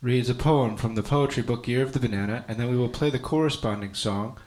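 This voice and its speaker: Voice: mid-range voice, a little fast, darkish tone. A musician guest on a radio show, joking and playful while explaining the next part of the set. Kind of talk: casual radio interview chat.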